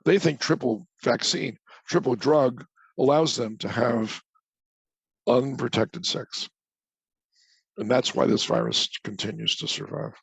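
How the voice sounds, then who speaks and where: A man's voice: medium pitch, a little slow, gravelly, breathy edge, no room sound, rough recording. An older man, a guest scientist, giving an opinionated conversational lecture with emphatic repetition over a remote call.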